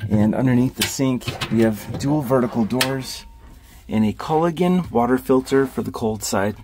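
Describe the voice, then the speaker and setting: An RV salesman gives an upbeat, casual walkthrough of a camper van, listing each feature as he points it out. His voice is medium-pitched and warm at a normal speed, with slight background noise.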